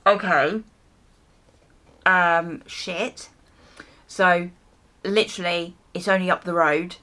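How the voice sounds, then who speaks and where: A young woman chats through a story as she gets ready, in an easy, unhurried way. Her voice sits a touch low for a woman, and she throws herself into the retelling with exasperated asides and little bursts of swearing. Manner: animated storytelling with mild swearing and acted-out reactions. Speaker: beauty vlogger. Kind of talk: casual storytime while doing hair.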